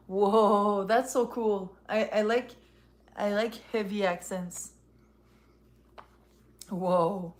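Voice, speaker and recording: A woman's voice: medium pitch, slow, long pauses, darkish tone. Chatty woman streaming. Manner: chatty and rambling, reacting to viewer comments. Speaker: live streamer reviewing a tarot deck. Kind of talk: casual live-stream chat.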